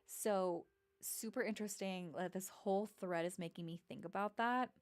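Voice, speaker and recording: A woman's voice: mid-range voice, moderate pace. A woman in her thirties telling personal stories in a rambling, casual way, with many fillers and restarts. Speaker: vlogger. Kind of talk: casual storytelling.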